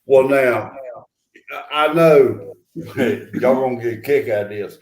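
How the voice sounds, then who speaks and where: A man's voice: mid-range voice, darkish tone, echoey room. A man with a Southern accent who hosts a casual chat and talks bluntly, often laughing. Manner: slow drawl, laughing, blunt.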